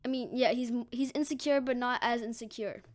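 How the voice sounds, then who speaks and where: A woman with a slightly high voice retelling a story in a loose, casual way. She rambles, trips over words and corrects herself mid-sentence. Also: steady tone, brisk, darkish tone.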